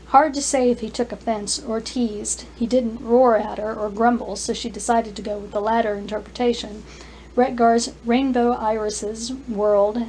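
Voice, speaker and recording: A woman author reading her own fantasy story aloud, careful and clear, with small restarts. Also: a little high, flat delivery, moderate pace, dark tone, slight background noise, rough recording. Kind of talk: scripted narration, story reading.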